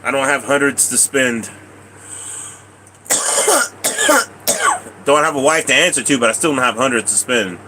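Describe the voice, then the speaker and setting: Man, out of breath, coughing, grumbling casual stream chat, slow talker, faint hum behind. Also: mid-range voice, very animated. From Colorado, USA. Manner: grumbling, frequent coughs, talks to the machine. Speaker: slot machine streamer.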